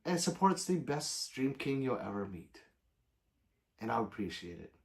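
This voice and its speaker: A man chatting casually on a livestream, reading out viewer comments one after another. His pitch swings up and down a lot as he talks, and he swears freely between his plugs for subscriptions. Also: very animated, moderate pace, creaky. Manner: loose and profane, plugs merch and subscriptions. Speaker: livestream host.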